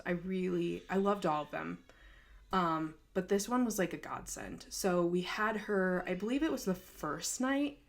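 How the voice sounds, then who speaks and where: A young woman hosting a podcast, telling a personal story in a candid, emotional way, with many fillers. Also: fairly low pitch. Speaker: podcast host.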